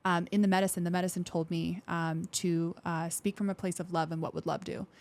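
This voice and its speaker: A woman veteran speaking as a podcast guest in casual interview talk, candid and expressive, acting out quoted thoughts in lively voices and swearing now and then. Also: fairly low pitch, a little fast. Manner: frank, with occasional swearing.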